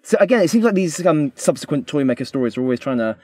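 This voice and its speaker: Fast-talking man on a podcast. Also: on the high side, very animated, a little mellow, no room sound. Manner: asks probing questions. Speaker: podcast co-host. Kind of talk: casual discussion.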